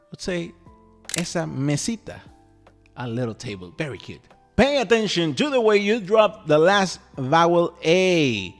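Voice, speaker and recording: A man whose first language is Spanish, teaching a language lesson in a playful, chatty way and checking in with the listener often. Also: high voice. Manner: animated, playful, chatty with frequent "okay?" check-ins. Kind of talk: lively scripted language lesson.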